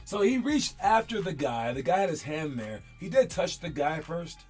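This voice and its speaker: A man's voice: a little high, very animated, moderate pace. Male host, stutters, rambly casual commentary, faint music underneath. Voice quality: stutters, repeats words. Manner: rambling, wanders off mid-thought. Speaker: podcast host.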